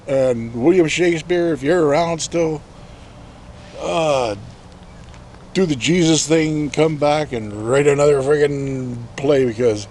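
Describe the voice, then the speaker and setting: A man's voice: on the high side, takes it slowly, darkish tone, a little hiss or hum. Profane rambling man. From Canada. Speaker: vlogger. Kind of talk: ranting political commentary.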